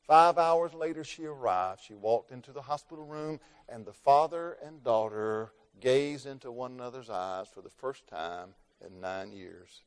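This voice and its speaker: A man preaching a sermon through a story, rising to loud emphasis and dropping to hushed tones, slowing down on key words. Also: mid-range voice, clear, resonant tone. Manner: dramatic, swings between loud emphasis and hushed near-whispers, slows for key words.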